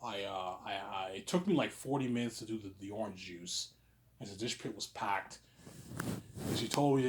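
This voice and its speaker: A man's voice: lively intonation, moderate pace. Rambling man in his thirties, stammering. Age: 30s. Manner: repetitive, stammering restarts, frequent "obviously"; swings between low muttering and loud outbursts. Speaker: vlogger. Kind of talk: rambling personal monologue.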